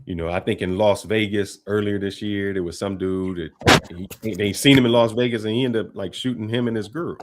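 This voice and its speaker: Laid-back low-voiced male commentator. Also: fairly quick, very noisy. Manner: relaxed, conversational, laughs often. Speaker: host. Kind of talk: casual commentary.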